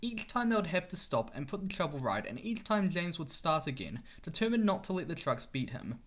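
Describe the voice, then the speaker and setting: A man reading a children's storybook aloud in an expressive way. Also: on the high side, fairly quick.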